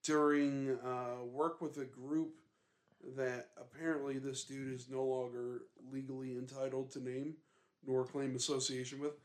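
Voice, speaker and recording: A young man with a middle-pitched voice chats casually as a podcast co-host. He rambles loosely, filling his sentences with ums and uhs. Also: level tone, measured pace, darkish tone. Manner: rambling, filler-heavy, laid-back. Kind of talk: casual chat about ghost recordings.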